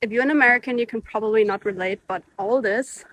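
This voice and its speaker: A woman's voice: on the high side, fast, slight background noise, low-quality recording. A young woman from Europe vlogging outdoors, affectionate and enthusiastic. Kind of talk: outdoor vlog. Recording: loud outdoor ambience.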